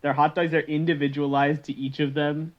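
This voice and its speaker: A man's voice: on the high side, level tone, a little fast. Podcast man on a slightly dull mic. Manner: loose, laughing, breaks into goofy voices. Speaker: podcast co-host. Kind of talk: casual chat.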